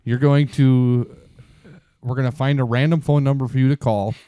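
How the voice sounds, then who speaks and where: A man's voice: medium pitch, fairly even intonation, normal speed, warm tone, clear, resonant tone, no echo. A man co-hosting a podcast, laying out dares in a laid-back, matter-of-fact way. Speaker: podcast co-host. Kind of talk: casual chat.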